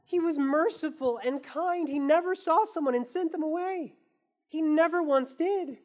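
High-voiced woman preaching earnestly. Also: normal speed, a little mellow. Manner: earnest, conversational preaching with casual fillers. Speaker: pastor. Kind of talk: sermon.

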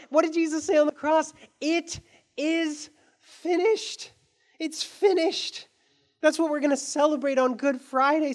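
A woman pastor giving a sermon in an earnest, conversational way, with casual fillers. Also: high voice.

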